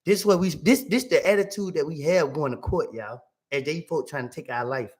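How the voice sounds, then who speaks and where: A young man, telling a story to his chat in a casual, animated way and acting out the other people's voices. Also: on the high side, a little fast.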